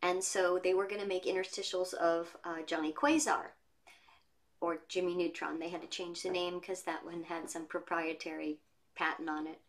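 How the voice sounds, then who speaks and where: Voice actress on a video call, chatty, tells stories, lively. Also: female voice, fairly low pitch, moderate pace. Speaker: voice actress guest. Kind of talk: casual interview chat. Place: home studio.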